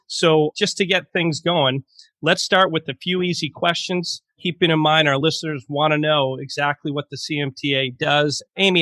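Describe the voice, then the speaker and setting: A man's voice: mid-range voice, sharp tone, no room sound, clean studio sound. A man hosting a podcast interview, encouraging his guests and guiding the questions. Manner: encouraging, brief affirmations. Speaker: podcast host.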